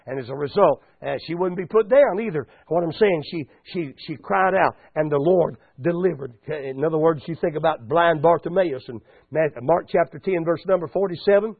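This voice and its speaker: A man's voice: on the high side, gravelly, breathy edge, dry recording. A man preaching a sermon in a folksy manner that rises into fervent exhortation, heard over a tinny radio broadcast.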